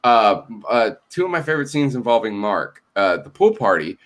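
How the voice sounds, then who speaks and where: A man co-hosting a casual chat, animated and swearing freely, laughing often and acting out quotes. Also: medium pitch, moderate pace. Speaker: co-host.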